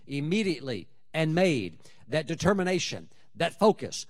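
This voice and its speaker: A man preaching a sermon, emphatic, with dramatic swings in loudness and pitch. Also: big pitch swings, unhurried. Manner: acts out prayers and scripture in quoted voices.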